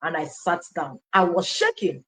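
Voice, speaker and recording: A Nigerian woman telling her life story as an interview guest, an animated storyteller who acts out quoted dialogue and slips into Pidgin. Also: fairly low pitch, moderate pace. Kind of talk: personal testimony in an interview.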